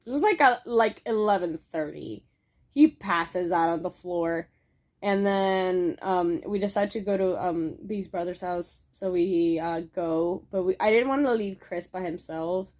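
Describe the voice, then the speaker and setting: A woman's voice: on the low side, unhurried, a little mellow. A young adult woman telling a casual story in a vlog, rambling with many fillers and swearing now and then. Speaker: vlogger.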